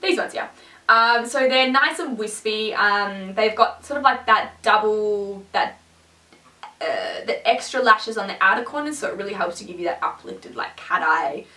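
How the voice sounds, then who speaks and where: A woman's voice: medium pitch, lively intonation, moderate pace, bright, forceful tone, distant mic. A young woman chatting casually as a beauty vlogger, rambling and poking fun at herself. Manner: chatty, rambling, self-mocking. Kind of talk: casual chat. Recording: echoey room, mic set back.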